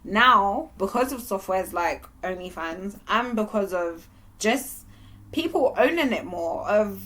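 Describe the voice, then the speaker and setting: A young woman gives a candid vlog monologue straight to camera. She speaks at a mid pitch and keeps the talk lively and open. Her delivery is animated, and laughter sometimes breaks through. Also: slow. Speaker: vlogger.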